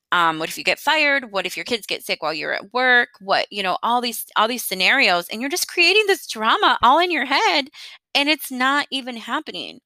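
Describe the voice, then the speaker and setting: Bright, chatty woman podcaster. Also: medium pitch, no room sound. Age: 30s. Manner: chatty and earnest, laughing lightly as she talks. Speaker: podcast host. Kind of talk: casual solo podcast monologue.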